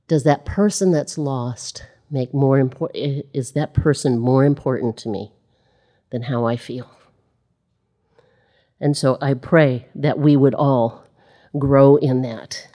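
A woman with a low voice preaches a sermon with animation. She gets louder when she voices a crowd and sinks into quiet, soft tones when she reflects. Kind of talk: sermon on a scripture passage.

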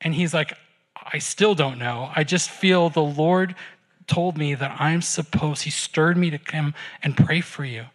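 A man's voice: a little high, unhurried, fairly bright tone. A man preaching a sermon and leading a closing prayer in a church, earnest and conversational, often repeating words as he starts a phrase. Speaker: pastor.

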